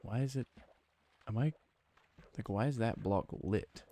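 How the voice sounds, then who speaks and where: A little hiss or hum accompanies a mellow, low-ish male voice at a measured pace. He's a game streamer from New Zealand with that country's accent, chatting casually and rambling playfully, thinking aloud and using many fillers while playing and reading chat.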